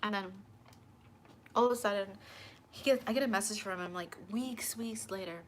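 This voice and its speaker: A woman's voice: medium pitch, normal speed, slight background noise. A young woman hosting her tarot channel, casually telling a personal story to camera and acting out both sides of the conversations.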